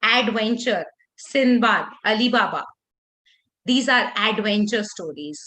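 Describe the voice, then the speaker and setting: A woman leading a workshop for teachers, talking expressively with lively intonation and frequent restarts. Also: medium pitch, slow pace. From India.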